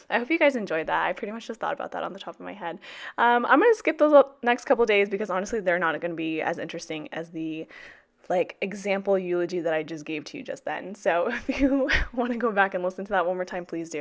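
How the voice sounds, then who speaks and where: A woman's voice: lowish voice, expressive, fast talker. A woman in her twenties, a teacher, chatting casually through her planner with lots of fillers and cheerful swearing. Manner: chatty, sassy, swears freely, many fillers. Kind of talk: casual planner vlog chat.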